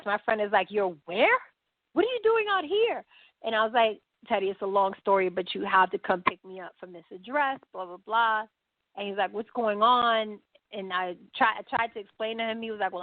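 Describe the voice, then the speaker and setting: A woman's voice: mid-range voice, no room sound. New woman telling a story on a tinny line. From New York. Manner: animated, quotes people in dialogue, many fillers. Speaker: podcast guest. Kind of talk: conversational storytelling. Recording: dry, phone-like audio.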